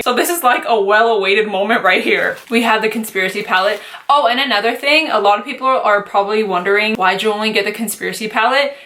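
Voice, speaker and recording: A young woman beauty vlogger talking through an excited unboxing and makeup tutorial, gushing and dramatic with lots of slang. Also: mid-range voice.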